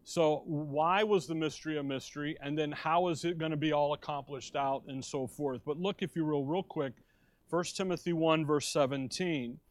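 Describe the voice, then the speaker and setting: American pastor guy preaching, slightly high voice, dry close sound. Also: moderate pace, no room sound. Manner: conversational preaching with frequent restarts, stressing key words. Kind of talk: expository sermon.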